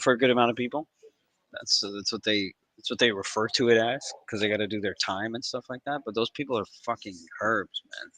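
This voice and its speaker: A man hosting a live trading stream, talking in casual, profane banter with sudden loud outbursts. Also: medium pitch, quick pace, dry recording, poor audio. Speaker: livestream trading host. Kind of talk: casual livestream chat.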